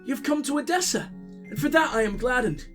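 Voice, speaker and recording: A man doing a formal female scholar with a put-on Irish lilt, pitched high and swooping widely as she reads her letter aloud. Faint music plays underneath. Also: expressive, brisk, fairly bright tone. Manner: formal letter reading, stumbling over words.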